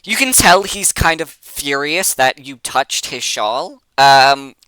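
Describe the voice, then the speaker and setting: A game master narrating a tabletop game in a loose, halting, conversational way, often restarting a phrase. The voice is bright and crisp, with a lively swing, recorded close and dry. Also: mid-range voice, no echo, low-quality recording. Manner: hesitant, many fillers and restarts, casual swearing.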